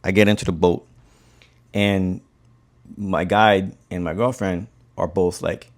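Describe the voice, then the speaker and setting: A man from the Cayman Islands, a bonefish guide, telling a fishing story in a relaxed, conversational way while tying a fly. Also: low voice, a little slow.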